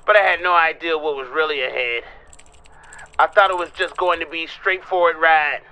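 A man reading a game's story narration aloud as a sixteen-year-old boy remembering a lone train trip, in a measured storytelling voice. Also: a little high, bright, forceful tone, clear, resonant tone, pitched below the performer's own voice, poor audio.

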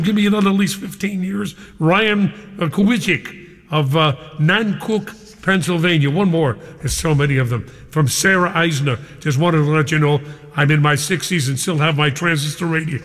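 An older man hosting a live radio show, effusive and excited, reading out listener emails and chatting with callers. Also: on the high side, long reverb tail. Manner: exuberant, effusive, reads listener emails aloud. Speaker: radio DJ host.

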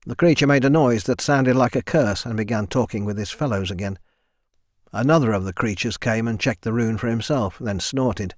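A man narrating a fantasy audiobook at a steady, measured pace. His voice sits in an average range and sounds close and dry, with no room behind it. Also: medium pitch, dry recording. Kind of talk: scripted narration.

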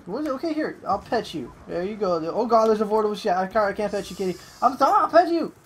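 A young adult gamer giving excitable live commentary over a match, swearing at opponents and coaxing a pet between plays. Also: medium pitch, quick pace, a little hiss or hum.

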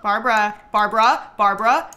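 A young woman streaming a life-simulation game, chatting excitably and talking to her characters. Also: a little high, moderate pace. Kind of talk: live game commentary.

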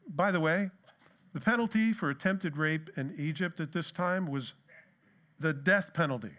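A man's voice: fairly high pitch, normal speed, a bit bright. A middle-aged man giving a conversational sermon as pastor, asking the congregation rhetorical questions and telling anecdotes.

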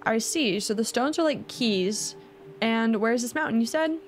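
A woman's voice: fairly high pitch, lively intonation, a little slow, soft background music. A woman reading aloud the lines of a curious, polite young girl from a video game. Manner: reading dialogue aloud plainly.

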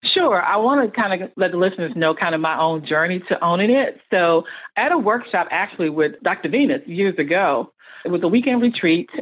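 A woman's voice: on the low side, slightly rough. Middle-aged woman, earnest, over a tinny line. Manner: earnest, motivational, builds emphatic lists. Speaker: guest, speech-language pathologist. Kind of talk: podcast interview.

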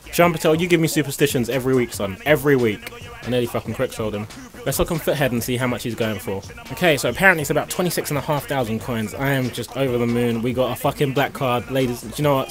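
A young man commentating a game pack opening, excitable and foul-mouthed, breaking into shouts. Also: mid-range voice. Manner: excitable, swears freely, bursts into shouting. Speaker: gaming YouTuber.

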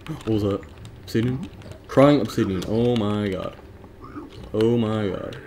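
A man's voice: lowish voice, measured pace, warm tone, a little hiss or hum. A man streaming a video game live, muttering to himself and coaxing and teasing the game's creatures as he plays. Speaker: gaming streamer. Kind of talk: live gameplay commentary.

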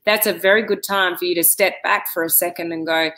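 Middle-aged woman, direct conversational vlogger, slightly low pitch, bright voice. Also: steady tone, a little fast, rough recording. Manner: chatty, direct, with many "you know"s. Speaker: vlogger giving life advice. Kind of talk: casual advice monologue to camera.

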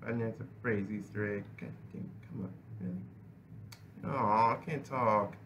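A man's voice: lowish voice, moderate pace, muffled recording, noisy background. A young man giving casual, profane gameplay commentary, rambling and restarting his sentences. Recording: game music playing behind voice.

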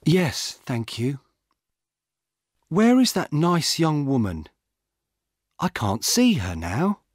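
A man reading the part of an old woman, shaken and polite, speaking slowly and fretfully. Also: on the high side, wildly swooping pitch, husky, no echo, studio quality, pitched above the performer's own voice, exaggerated voice.

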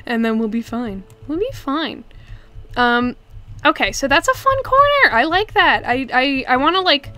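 A woman's voice: fairly high pitch, sharp tone. A young woman streaming a building game, chatting casually and giggling, joking about her own choices. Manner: chatty, giggly, self-deprecating. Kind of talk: casual gameplay commentary.

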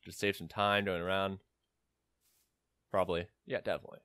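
A man's voice: sits low, little pitch movement, brisk, noisy background. A young man giving casual let's-play commentary, rambling with joking asides as he plays. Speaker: gamer.

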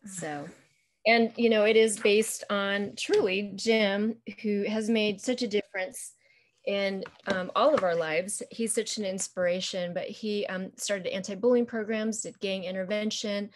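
A woman author talks in a chatty, meandering way over a video call, with many "um"s and "you know"s as she retells her story. Her pitch sits in a middle range. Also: fairly even intonation, unhurried, a little hiss or hum. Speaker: children's book author. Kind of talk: casual interview, retelling a story.

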